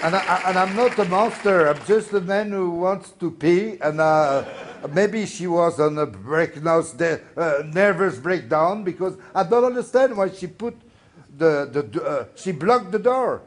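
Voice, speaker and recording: A man's voice: high voice, animated, unhurried. A man with a French accent telling a story in broken English as a talk show guest. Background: studio audience laughing.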